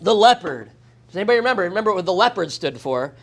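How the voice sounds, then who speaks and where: A man's voice: high-pitched, sing-song, fast. A man, a pastor, teaching a Bible study in a conversational way, often checking in with "right?" and acting out quoted voices. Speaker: pastor teaching Sunday school.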